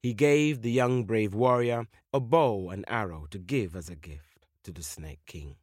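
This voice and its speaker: A man telling a children's folk tale with slow, dramatic repetitions. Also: fairly low pitch, a little mellow, no room sound, clean studio sound. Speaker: storyteller. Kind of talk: children's story narration.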